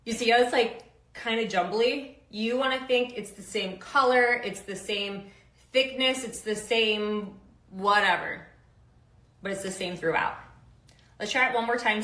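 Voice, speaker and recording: A woman's voice: medium pitch, a little slow, fairly bright tone, reverberant, rough recording. A woman strength coach giving upbeat, casual instructions with slang and countdowns for kettlebell lifts.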